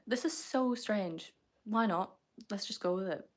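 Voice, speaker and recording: A woman's voice: mid-range voice, a little slow. A woman, chatting casually on a livestream, answering comments in a playful, teasing way and laughing often.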